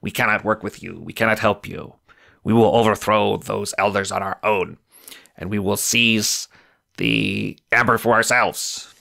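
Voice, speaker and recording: A man's voice: fairly low pitch, steady tone, unhurried, gravelly, bright, forceful tone, exaggerated voice. A man voicing a proud, stern Martian rebel captain who speaks in formal, indignant pronouncements.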